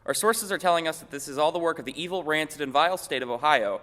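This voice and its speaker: A young man hosting a comedic news parody, with deadpan wisecracks in a mock-anchor delivery. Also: on the high side, a little fast, in a large hall. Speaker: segment host.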